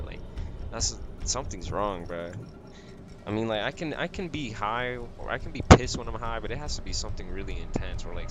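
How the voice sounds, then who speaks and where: A young man telling a work story in casual chat over a game, acting out what people said and saying "bro" and "like" constantly. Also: fairly low pitch. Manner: animated, acts out quotes, says "bro" and "like" constantly. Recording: loud background noise.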